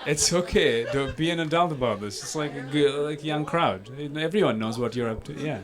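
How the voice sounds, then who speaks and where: A man's voice: mid-range voice, fairly quick, very noisy. A man doing stand-up crowd work, teasing audience members and laughing often. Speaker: stand-up comedian. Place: comedy venue stage. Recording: loud crowd in a live venue.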